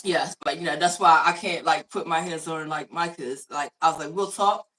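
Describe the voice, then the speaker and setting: A woman's voice: sits low, normal speed, a bit bright. A woman podcast co-host who works as a teacher, chatting casually, repeating words and laughing often. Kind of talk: casual chat. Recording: distant mic.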